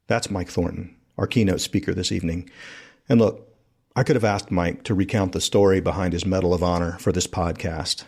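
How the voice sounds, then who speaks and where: A man with a low voice narrates a podcast in a relaxed, storytelling way. He is from South Carolina and talks to listeners as if recounting a trip with friends. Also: a little fast, gravelly, breathy edge. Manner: conversational storytelling. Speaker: podcast host.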